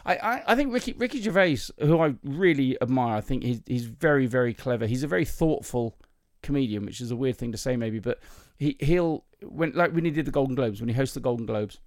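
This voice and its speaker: A man's voice: medium pitch, expressive, fairly quick, few pauses, dry recording, studio quality. A male comedian hosting a podcast, telling chatty, self-mocking anecdotes in a casual voice with plenty of ums and restarts. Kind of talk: casual storytelling chat.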